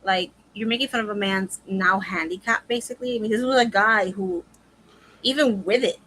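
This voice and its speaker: A woman co-hosting a casual wrestling chat show, animated and emphatic, quick to agree. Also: medium pitch, rough recording. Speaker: podcast co-host.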